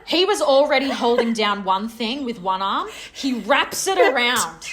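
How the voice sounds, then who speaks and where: Aussie woman telling a story, lively up-and-down voice, a bit high, laughing a lot. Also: a little slow, a crowd in the background. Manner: lively, laughing, acts out her own shouts. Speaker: podcast co-host telling a story. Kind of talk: animated storytelling chat.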